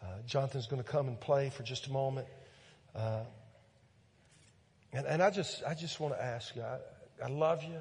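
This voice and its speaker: Earnest husky pastor in echoing hall. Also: male voice, mid-range voice, fairly quick. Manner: earnest, pleading, repeats words, swells loud then drops soft. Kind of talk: sermon with altar call. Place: church sanctuary. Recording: long church hall reverb with soft music.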